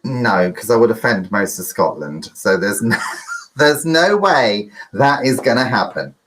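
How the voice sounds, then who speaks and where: A man's voice: lowish voice, expressive, unhurried, a bit bright, rough recording. Chatty man hosting a quiz. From United Kingdom. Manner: chatty, rambling and flustered, with frequent asides. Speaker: online quiz host. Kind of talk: live-streamed pub quiz hosting.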